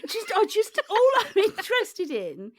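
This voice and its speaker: A woman's voice: very high-pitched, huge pitch swings, a little slow, no room sound, clean studio sound. A woman co-hosting a podcast, talking in a teasing, bossy, blunt way. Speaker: podcast co-host. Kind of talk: casual comedic chat.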